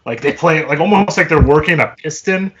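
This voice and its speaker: A man's voice: on the high side, fairly quick, crowd noise. A man co-hosting a podcast in casual chat, rambling and leaning heavily on filler words. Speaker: podcast co-host. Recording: slightly dull lo-fi audio.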